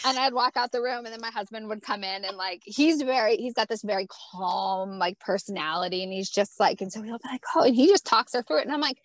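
A woman's voice: on the high side, fairly quick, no echo. A woman in her thirties, a wrestler and guest, chatting casually and laughing often as she acts out what she said. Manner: lively, laughs often, acts out her own past remarks. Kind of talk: casual interview chat.

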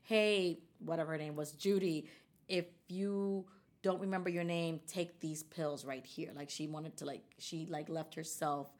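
A woman with a fairly low voice tells a personal story in a relaxed interview. She talks animatedly and slips into the voices of the people she quotes. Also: measured pace. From United States. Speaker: guest. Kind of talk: conversational storytelling.

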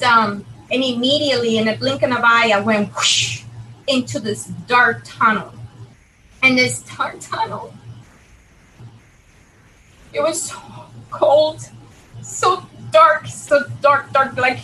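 Middle-aged woman, bright, fairly high voice, earnest testimony, emotional and halting. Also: a little hiss or hum, low-quality recording. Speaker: guest telling her near-death story. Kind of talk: personal testimony, conversational.

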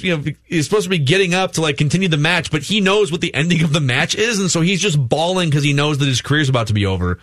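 A man's voice: on the high side, fast talker, few pauses, dry recording. A man hosting a sports radio show, telling stories in casual banter. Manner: chatty storyteller, animated retelling.

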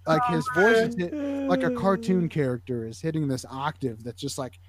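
A man, a guest athletic trainer, telling sideline stories in a casual, animated way, full of fillers. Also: a little high, moderate pace, few pauses, a crowd in the background. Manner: animated, acts out voices, many fillers. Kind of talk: casual storytelling.

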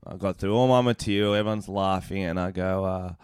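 A young man, a comedian co-hosting a podcast, telling stories in a lively, swearing way with bursts of laughter. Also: deep voice, fairly quick, clear, resonant tone, no echo, studio quality. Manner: swearing, animated storytelling with laughs. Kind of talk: casual chat.

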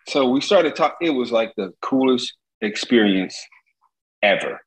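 A man from Gary, Indiana in his fifties, a former baseball pitcher telling stories as a guest and acting out the voices of the people he quotes. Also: normal speed, slight background noise, poor audio. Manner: animated, acts out quoted voices. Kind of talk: casual storytelling.

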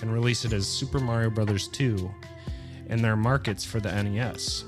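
A man's voice: on the low side, normal speed, music in the background. A man co-hosting a casual podcast, chatting and reading game history notes with light chuckles. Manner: relaxed, reads dates and facts, chuckles. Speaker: podcast co-host.

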